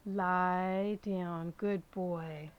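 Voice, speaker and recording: A woman live streamer chatting casually to her dogs and viewers in a small room at home. She coaxes the dogs and drops to a soft hush when she praises them. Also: on the low side, steady tone, very slow, clear, resonant tone. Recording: dull lo-fi stream audio.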